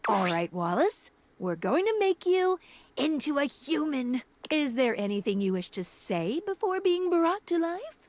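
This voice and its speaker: A bright, cheerful companion. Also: female voice, sits high, big pitch swings, measured pace, a little hiss or hum. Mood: eager. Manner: cheerful and reassuring.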